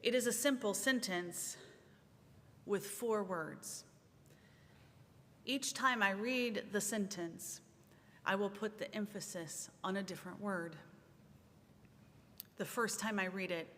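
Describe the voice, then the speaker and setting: A woman minister leading a service, speaking in a slow, measured, meditative way with long pauses. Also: fairly bright tone. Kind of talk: sermon and guided centering. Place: large church sanctuary. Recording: reverberant sanctuary, faint rumble.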